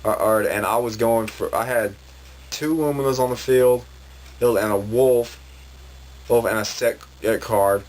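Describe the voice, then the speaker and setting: A man's voice: mid-range voice, unhurried, darkish tone. A man ranting in a vlog, rambling and frustrated, with many restarts. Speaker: vlogger.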